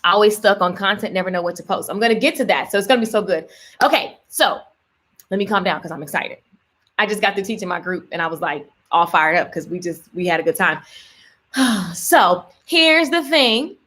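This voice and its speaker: A woman business coach talking on a live stream, energetic and emphatic, repeating key lines and reading out viewer comments. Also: mid-range voice, brisk.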